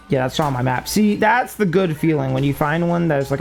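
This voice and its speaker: A man's voice: fairly high pitch, animated, fairly quick, creaky, few pauses, soft background music. Rambling, self-mocking male streamer. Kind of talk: casual gaming stream chat.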